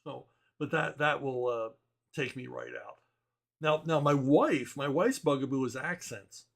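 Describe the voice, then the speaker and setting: Chuckling frequently, this man who writes comic books gives blunt, wry answers to viewer questions in a loose, opinionated conversation. He speaks a little slowly in a gravelly, medium-pitched voice.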